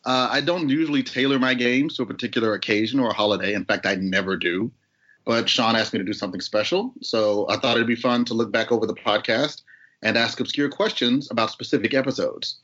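A man's voice: medium pitch, fairly quick, fairly bright tone. Man, game host, wry and joking, casual podcast talk, lo-fi call sound.

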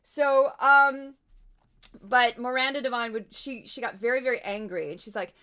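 A woman with a Midwestern American accent hosts her podcast in casual commentary. Her voice is bright, and she talks in an animated, chatty way, full of asides. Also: a little high, moderate pace, clear, resonant tone. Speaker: podcast host.

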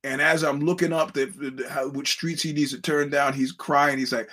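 A man's voice: fairly high pitch, fairly even intonation, moderate pace, hardly any pauses, a bit bright, husky. A man hosting a podcast, telling a story in a rambling, casual monologue and acting out the quoted voices. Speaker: podcast host.

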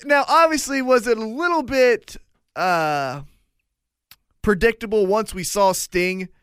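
A man co-hosting a podcast, chatting casually and excitably, swearing freely and acting out lines he quotes. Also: sits high, a little slow, clear, resonant tone, no room sound, clean studio sound. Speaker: podcast co-host. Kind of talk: casual chat.

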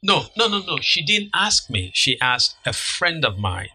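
A middle-aged man co-hosting a podcast, telling an anecdote in an unhurried, measured way. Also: fairly high pitch, sing-song, sharp tone, a little hiss or hum, low-quality recording. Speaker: podcast co-host, author. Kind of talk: casual storytelling chat.

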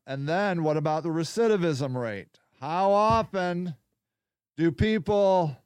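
A man's voice: high voice, clear, resonant tone, no room sound, studio quality. A man hosting a casual solo podcast, reading viewer comments aloud in a rambling, sarcastic way. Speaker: podcast host.

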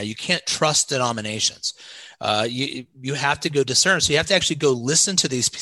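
Forceful, direct male pastor on a podcast. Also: mid-range voice, dry recording, poor audio. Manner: direct, practical advice-giving. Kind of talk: casual interview talk.

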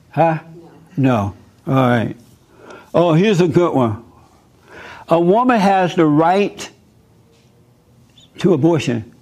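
An emphatic man talking to a room full of listeners in a fairly high voice. He preaches and jokes in turns and acts out the people in his stories. His delivery is lively and direct. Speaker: host speaking to a live group. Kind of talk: animated preaching talk with anecdotes.

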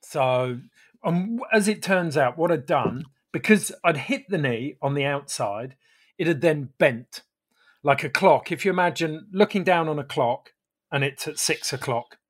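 A man calmly telling a casual story in a matter-of-fact way, often dropping into quiet asides. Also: a little high, measured pace.

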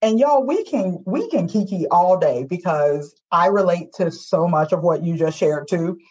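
Woman guest, husky and expressive, on a slightly muffled recording. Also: on the low side, normal speed. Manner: emotional, expressive, talks to listeners directly. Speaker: podcast guest, poet and singer. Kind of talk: heartfelt conversation.

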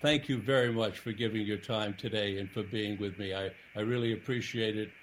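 A man hosting his own radio program, speaking earnestly and haltingly with repeated words as he wraps up an interview. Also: lowish voice, fairly even intonation, a little hiss or hum, poor audio. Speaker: radio show host.

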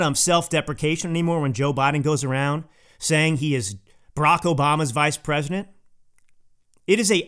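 High-voiced, indignant male podcast host. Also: fairly bright tone. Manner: emphatic and indignant, repeats points for stress. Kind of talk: political opinion monologue.

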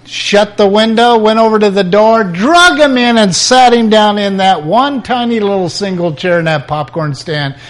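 A man's voice: sits high, normal speed, few pauses. An older man, a preacher, telling his personal testimony as a dramatic storyteller whose voice rises at the intense moments.

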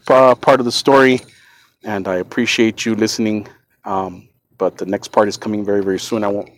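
In a dry recording, a male podcast host with a fairly low voice relates a personal story. He comes across as earnest and shaken, and he keeps repeating and restarting his words.

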